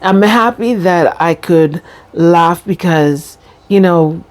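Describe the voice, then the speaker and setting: A middle-aged woman vlogging casually about life after a brain injury, breaking into laughter often. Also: on the low side. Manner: laughs often while talking, drawn-out pauses. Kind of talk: casual talk to camera.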